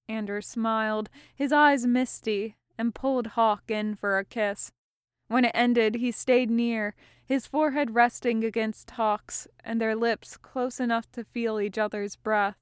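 A woman reads a story aloud in calm, measured narration. Her voice is smooth, clear and slightly high, and she takes her time. The recording is close and dry. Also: no echo. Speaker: audiobook reader. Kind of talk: scripted narration.

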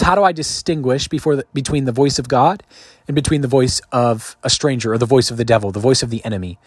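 A man preaching a sermon, emphatic and repeating his key lines, with sudden swings in loudness. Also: mid-range voice, no room sound.

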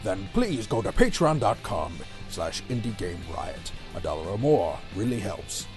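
A man's voice: on the low side, very animated, moderate pace, over music. A man co-hosting a podcast in casual chat, teasing and laughing often. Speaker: podcast co-host.

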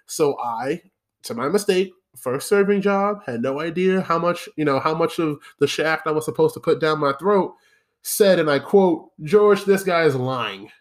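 A young man hosting, telling a profane story about his old job in a casual, animated monologue that turns into rants at the listener. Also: a little high, moderate pace. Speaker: podcast host.

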